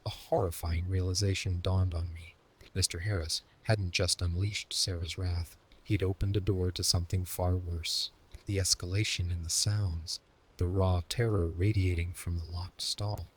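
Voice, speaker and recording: A man telling a first-person horror story as scripted narration, in a steady, even way. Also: low voice, moderate pace, husky.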